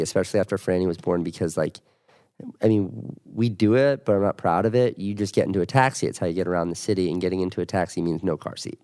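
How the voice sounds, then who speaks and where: A man's voice: deep voice, dark tone. A man in his thirties co-hosting a casual podcast chat with his wife, telling rambling, self-mocking stories. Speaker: podcast co-host.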